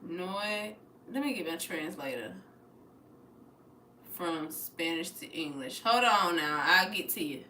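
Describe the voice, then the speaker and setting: A young American woman hosting a casual livestream, animated and profane, swinging between mutters and loud bursts. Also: lowish voice, slow, pauses often, reverberant, slight background noise. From United States. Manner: profane, playful. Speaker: livestream host.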